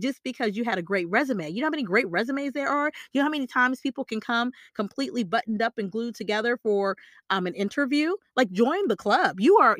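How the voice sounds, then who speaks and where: Recorded in studio quality with no room sound, this woman has a fairly high, fairly bright voice. She is a career coach urging listeners through salary negotiation with emphasis, repeating her main points and often tacking on questions to check they're following.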